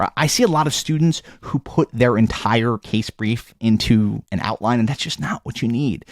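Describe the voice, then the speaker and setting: Guy giving law school tips, pretty lively up and down voice, blunt, repeats stuff for emphasis. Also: fairly high pitch, no room sound, clean studio sound. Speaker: law school tutor and company head. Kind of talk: advice vlog to camera.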